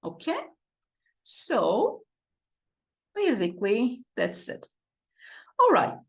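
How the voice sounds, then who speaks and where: A woman's voice: fairly high pitch, wildly swooping pitch, very slow, creaky. A woman teaching an English lesson, drawing out and repeating words for her students. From Turkey. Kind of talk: online lesson walkthrough.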